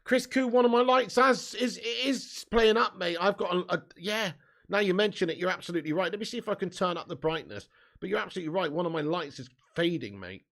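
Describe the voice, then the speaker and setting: A man's voice: high-pitched, fairly quick, fairly bright tone. Chatty man hosting a football watch-along. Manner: chatty, reads out chat comments. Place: room at home.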